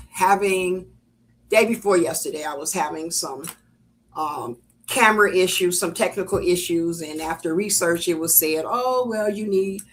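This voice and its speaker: Older lady, low voice, chatty and rambly on a home craft livestream, lots of ums. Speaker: crafting channel host. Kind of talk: casual live-stream chat. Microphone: computer webcam setup.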